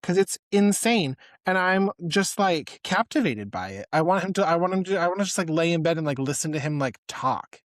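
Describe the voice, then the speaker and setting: A man co-hosting a podcast, chatting in an excitable, rambling way full of "like". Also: fairly high pitch, brisk, hardly any pauses, no echo, studio quality. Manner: excitable, rambling, heavy use of "like". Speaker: podcast co-host. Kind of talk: casual chat.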